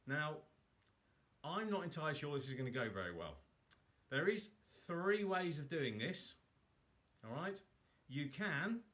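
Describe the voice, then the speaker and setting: A man hosting a live cook-along, chatting casually and poking fun at himself as he talks viewers through each step. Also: fairly high pitch. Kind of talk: casual live cooking demo.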